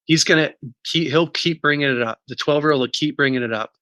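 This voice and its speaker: A man's voice: on the high side, brisk, pushed and bright, no echo. A man speaking as an interview guest, earnest and explaining his points through examples. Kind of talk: casual interview talk.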